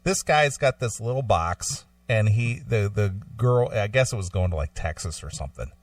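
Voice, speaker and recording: A man's voice: on the low side, expressive, normal speed, no echo. Rambling man telling stories, mic far off. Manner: rambling anecdotal storytelling with profanity. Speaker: radio show co-host. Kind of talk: casual podcast chat.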